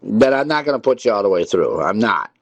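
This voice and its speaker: A low-voiced male radio host talking into a studio mic, annoyed and repetitive as he scolds callers. The sound is dry and close, with no room around it. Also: sing-song, fairly quick, slightly rough, dry recording. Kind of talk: call-in radio talk. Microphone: studio mic with headphones.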